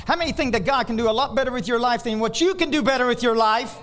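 High-pitched male pastor, preaching in an animated sermon style, loud one moment and hushed the next. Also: fast, hardly any pauses.

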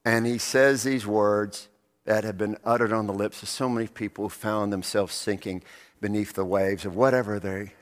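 A male pastor preaching a sermon, telling the story vividly and asking rhetorical questions of the congregation. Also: on the low side. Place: church sanctuary. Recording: long reverb of a church hall.

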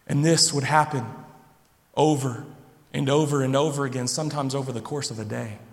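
A man preaching a sermon, telling the story dramatically, sinking low and slow, then building loud. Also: steady tone. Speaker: pastor. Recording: long hall reverb.

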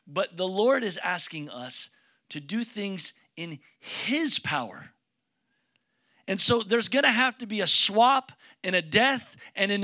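Guy pastor giving a sermon, high bright voice, chatty and jokey with the crowd. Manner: conversational preaching with jokes and questions to the congregation. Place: church sanctuary with congregation.

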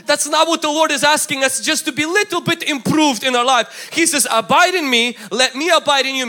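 A man's voice: very high voice, pushed and bright. A man preaching a sermon with emphatic delivery, acting out the voices he quotes. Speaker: pastor.

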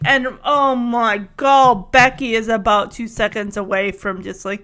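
Woman, high-pitched, casual and giggly episode recapper who acts out the dialogue. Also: steady tone, a bit bright. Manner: chatty, giggly, acts out quotes in quick voices.

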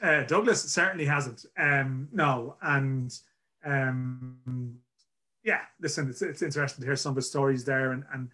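A man's voice: medium pitch, unhurried, sharp tone. A man from Ireland hosting a football podcast in casual chat, rambling and self-deprecating. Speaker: podcast host.

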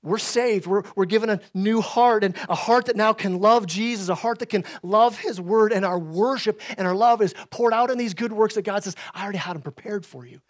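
Here a pastor whose voice sits high preaches at a moderate pace with few pauses. His talk is conversational, peppered with "right?", and it shifts between emphatic loud stretches and quiet asides.

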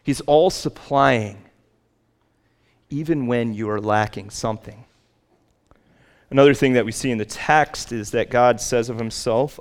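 A male pastor preaching a sermon, slowing down and rising for emphatic lists. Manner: rises in pitch and slows for emphatic lists.

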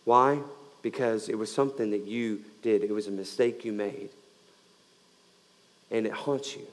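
A male pastor giving a sermon, swinging between loud emphatic lines and quiet, slowed-down ones. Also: lowish voice, steady tone, in a large hall.

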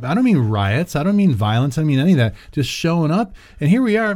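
A man co-hosting a podcast in casual chat, dropping wry deadpan asides and rambling into rants. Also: a little high, fast talker, hardly any pauses, no room sound, studio quality. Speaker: podcast co-host.

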